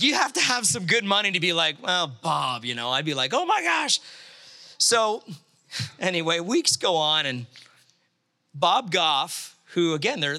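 With a forceful, very bright, fairly high voice, a man tells a story as a sermon. He's lively throughout and voices each person in the tale as he goes along.

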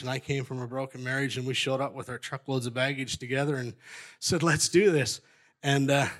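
A man's voice: mid-range voice, fairly bright tone. A middle-aged man giving a rambling personal testimony at a church gathering, restarting sentences and joking at his own expense. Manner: rambling, self-interrupting, jokey.

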